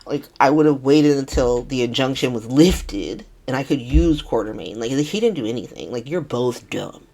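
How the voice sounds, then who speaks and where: A woman's voice: a bass voice, moderate pace, hardly any pauses. A woman hosting a casual soap opera recap, talking in a profane, slangy way. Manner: profane, slangy, animated retelling.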